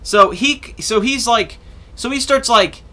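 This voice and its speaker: A young male podcast host with a high, bright voice tells a long story slowly, rambling casually, swearing freely and acting out what people said.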